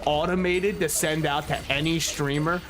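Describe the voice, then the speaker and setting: A man's voice: on the high side, steady tone, normal speed, fairly bright tone, faint music behind. A man streaming a video game, rambling and joking with frequent swearing. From United States. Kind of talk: casual gameplay commentary.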